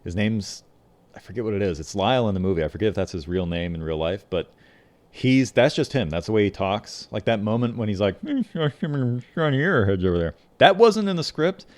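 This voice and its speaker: In a casual podcast chat, a male co-host retells behind-the-scenes film stories, shifting into quoted voices as he goes. He speaks briskly in a lowish, expressive, slightly mellow voice.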